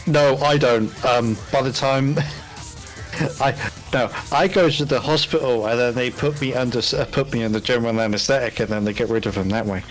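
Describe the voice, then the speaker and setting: A man's voice: medium pitch, fairly even intonation, moderate pace, faint music behind. A British man chatting casually on a hobby painting stream, swearing freely and laughing often. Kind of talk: casual chat on a live stream.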